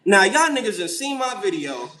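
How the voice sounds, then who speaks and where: Animated young man livestreaming late night. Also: sits high, moderate pace, poor audio. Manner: animated, incredulous, swears freely. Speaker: livestream host. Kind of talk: casual late-night livestream, reading and answering chat.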